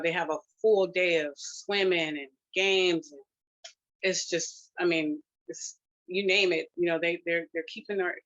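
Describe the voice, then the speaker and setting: A grandmother sharing a personal testimonial, emotional and close to tears, talking in a halting way with many fillers and restarts. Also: lowish voice, fairly bright tone, dull audio. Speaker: grandmother sharing her family's experience.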